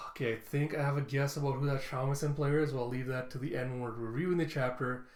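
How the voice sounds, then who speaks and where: A man's voice: mid-range voice, fairly even intonation, fairly quick. A young man casually narrating comic panels aloud, laughing and jumping into character voices. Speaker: comic reviewer. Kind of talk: casual comic read-along. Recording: echoey room.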